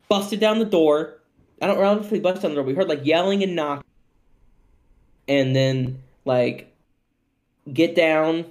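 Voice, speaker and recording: Animated young man telling a podcast story. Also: mid-range voice. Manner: animated, profane, laughing storyteller. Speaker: podcast co-host.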